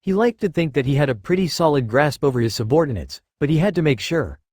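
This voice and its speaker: A man narrating a fan-fiction audiobook with expressive storytelling. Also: fairly high pitch, fast, no room sound, clean studio sound.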